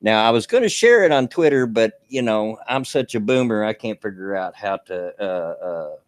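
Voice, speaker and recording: A man's voice: on the low side, animated, normal speed, smooth, no echo, studio quality. Folksy man hosting a stream. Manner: folksy, rambling, with many fillers and restarts. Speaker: live stream host. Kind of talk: casual chat.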